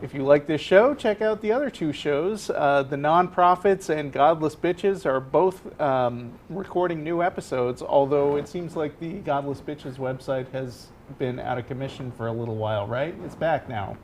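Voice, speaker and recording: Relaxed man co-hosting a call-in show. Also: on the high side, moderate pace, few pauses, slight background noise. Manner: relaxed, hesitant, many fillers. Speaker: co-host. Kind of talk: casual chat. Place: TV studio.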